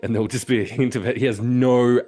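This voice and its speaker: A man playing his character in a tabletop role-playing game, playful and quick to laugh. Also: mid-range voice, fairly even intonation, warm tone, faint music behind. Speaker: player.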